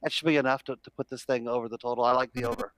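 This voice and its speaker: Male co-host, mid pitch, smooth and relaxed, dry headset mic. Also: racing, no echo, poor audio. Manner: relaxed, explains with many uh fillers. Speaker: sports betting co-host. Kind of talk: casual sports talk.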